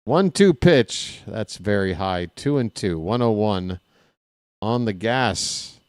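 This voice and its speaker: Smooth, unhurried baseball play-by-play man. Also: fairly low pitch, animated, no echo, studio quality. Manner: chatty, wanders into personal asides between calls; candid and self-deprecating. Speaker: play-by-play announcer. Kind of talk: casual live baseball play-by-play.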